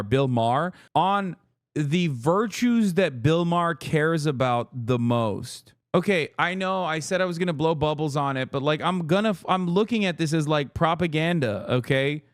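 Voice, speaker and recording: A man in his thirties reacting to a clip on a live stream, talking fast and swearing freely. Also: on the high side, dry recording, studio quality. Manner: animated, profane, bursts of loud laughter. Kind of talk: casual live-stream commentary.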